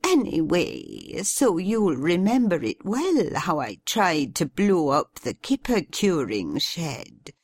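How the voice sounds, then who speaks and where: A woman voicing a vain, theatrical aging female television star with a grand, drawn-out delivery. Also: lowish voice, wildly swooping pitch, breathy edge, heavily acted. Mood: grandstanding.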